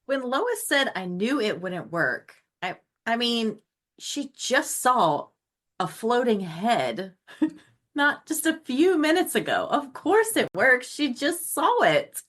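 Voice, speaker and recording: A woman co-hosting a podcast in casual chat, expressive and quick to laugh. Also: sits high. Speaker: podcast co-host.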